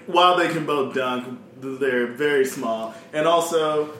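A man's voice: mid-range voice, unhurried, bright, forceful tone. Easygoing man co-host, echoey room. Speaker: podcast co-host. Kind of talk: casual chat. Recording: echoey room, faint noise.

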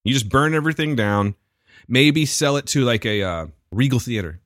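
A man's voice: mid-range voice, animated, moderate pace, a bit bright, dry recording, clean studio sound. A man hosting a casual chat who sets up improv bits and swears casually. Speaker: podcast host.

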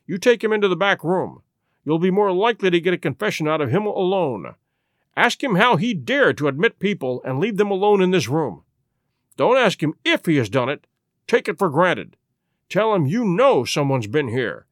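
Man reading brisk commanding detective, eager, high lively voice. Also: no echo, clean studio sound. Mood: urgent. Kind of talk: audiobook reading.

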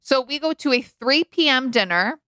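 A woman co-hosting a podcast, telling a long family story in casual chat and acting out the quoted lines with sudden jumps in pitch. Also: animated, normal speed, sharp tone, clear, resonant tone, dry recording. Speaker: podcast co-host.

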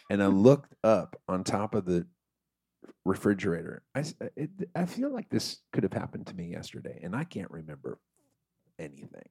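Guy with a lowish voice riffing a crude funny story, dead dry room. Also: a little fast, no room sound. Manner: profane, animated, acts out voices. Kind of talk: casual comic storytelling.

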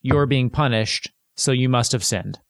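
Guy on a podcast reading old verses out loud, amused, dry close mic. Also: medium pitch, a little slow, creaky, dry recording. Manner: reads scripture excerpts aloud with dry amusement. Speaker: podcast co-host. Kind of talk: casual comedic podcast chat.

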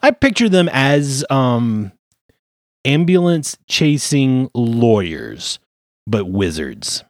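Man, game master, slow, hesitant, lively pitch, dry close recording. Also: no echo. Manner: unhurried, hesitant, with fillers. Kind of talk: narrating a tabletop game.

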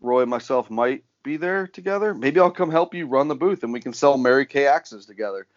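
A man's voice: mid-range voice, animated, brisk. Man, podcast host, casual profane chat, slightly dull audio. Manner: loose, profane, joking.

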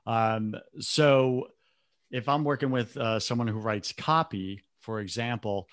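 A man's voice: mid-range voice, fairly even intonation, measured pace, dry recording, studio quality. A man talking earnestly in short reflective phrases in a casual podcast conversation, as a business coach.

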